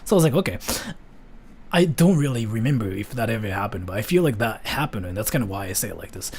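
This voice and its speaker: A man from Japan talks casually to his chat, loose and full of fillers. His voice is slightly husky and his pitch swings widely as he rambles. He sounds easygoing and unscripted. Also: rapid-fire. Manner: loose and rambling, many fillers, lively ups and downs. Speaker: streamer answering chat. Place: VR chat room.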